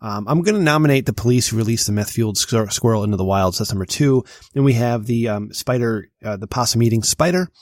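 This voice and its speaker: A man's voice: mid-range voice, fast, hardly any pauses, darkish tone, no room sound. Male podcast co-host, exasperated profane ranter, dry close-miked sound, at home. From Connecticut. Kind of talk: casual podcast banter. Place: basement at home.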